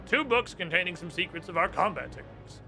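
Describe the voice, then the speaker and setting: A man reading out the lines of a formal knightly commander in a video game, in a measured, quick manner. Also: high-pitched, big pitch swings, gravelly, sharp tone, soft background music, exaggerated voice. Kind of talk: reading game dialogue aloud.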